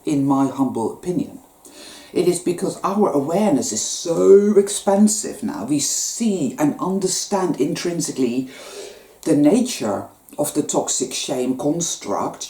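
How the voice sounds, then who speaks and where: A woman's voice: low voice, dark tone. A woman giving an earnest, conversational spiritual monologue, dropping frequent swear words. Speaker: spiritual vlogger. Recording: echoey room.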